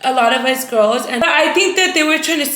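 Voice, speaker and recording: A woman's voice: sits high, brisk, a bit bright, echoey room. A young woman vlogger telling a story to her viewers in a casual, emphatic, dramatic way.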